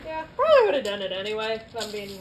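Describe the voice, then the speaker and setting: A woman playing in a tabletop game, relaxed and joking as she narrates her character's actions. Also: mid-range voice, very fast, slight background noise, rough recording. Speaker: player. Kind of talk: casual tabletop play.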